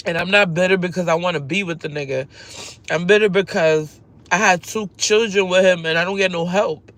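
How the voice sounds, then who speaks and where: A woman's voice: fairly low pitch, fairly quick, a bit bright. A woman venting on a live stream, upset and close to tears as she rambles through her troubles at work. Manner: upset, tearful, rambling confessional. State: on the verge of tears. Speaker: livestreamer.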